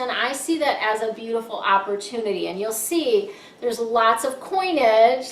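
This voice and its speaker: A woman's voice: fairly high pitch, fairly bright tone, a little hiss or hum. A woman giving a casual, upbeat monthly tarot reading who often checks in with "right?". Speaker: tarot card reader. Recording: echoey room, mic set far off.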